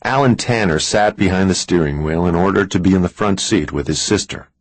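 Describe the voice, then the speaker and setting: A man reading a thriller audiobook in a measured, expressive storytelling manner. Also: sits low, no room sound. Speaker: audiobook narrator. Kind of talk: scripted thriller narration.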